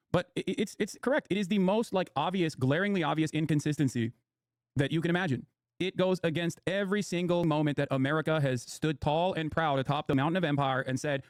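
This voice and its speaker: Fast-talking sarcastic streamer man. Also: on the high side, a little mellow, no room sound, studio quality. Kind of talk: casual live commentary while gaming.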